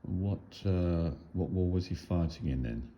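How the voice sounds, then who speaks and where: A man's voice: deep voice, a little slow, dark tone, slight background noise. A man asking a medium short, prompting questions from off-mic. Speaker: fellow investigator asking questions. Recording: dull, distant sound.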